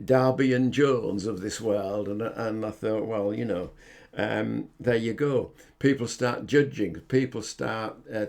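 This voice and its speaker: An older man speaks in a very low, gravelly voice. He hosts a podcast, telling personal stories in an earnest, halting manner, often pausing to find his words. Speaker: podcast host. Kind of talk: personal reflective monologue.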